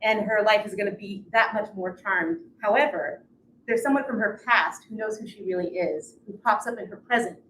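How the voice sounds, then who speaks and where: At a bookstore event, a woman author laughs freely and makes self-deprecating jokes while discussing her novel ahead of a reading. Her voice sits at a medium pitch and moves at a normal speed. The echoey room recording carries a faint hiss or hum.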